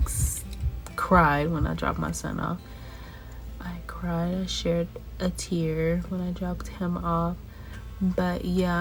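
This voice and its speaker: A woman's voice: on the low side, creaky. A young woman vlogging about her day at home, sounding stuffy and congested, rambling casually with lots of fillers. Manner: rambling, repetitive, many fillers. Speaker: vlogger mom. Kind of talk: casual chit-chat vlog.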